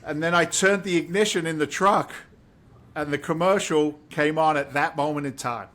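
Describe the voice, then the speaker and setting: A man's voice: fairly high pitch, moderate pace, a bit bright. A middle-aged man from the United Kingdom, a guest on a podcast, telling his life story in an emphatic, emotional, preacher-like way. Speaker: guest, real estate investor.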